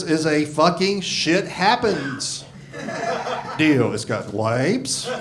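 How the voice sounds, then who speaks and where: A grumpy, profane comedian in his sixties with a high voice performs a stand-up set on a comedy club stage, speaking into a handheld mic. The live recording picks up crowd laughter in the background.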